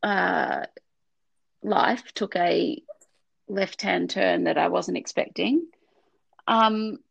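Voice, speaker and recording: A woman's voice: on the low side, very slow, vocal fry, slightly rough, no room sound, highs cut off. A middle-aged woman co-hosting a casual faith podcast, talking in a heartfelt, rambling way with many restarts, close to tears at times. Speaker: podcast co-host.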